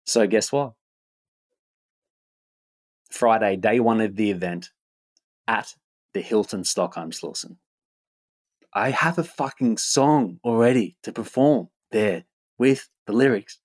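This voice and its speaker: Low-voiced man, upbeat casual monologue, repetitive, swearing, lots of "right?". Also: slow pace, long pauses. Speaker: event host and rapper.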